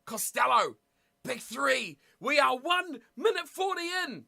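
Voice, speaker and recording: A high-pitched streamer calls a rugby match live from home and talks straight to viewers in chat. The bright, sharp voice jumps into shouts and laughs whenever a big play lands. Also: sing-song, unhurried, gravelly. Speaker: streamer hosting a rugby watch party. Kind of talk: live casual commentary and chat reading.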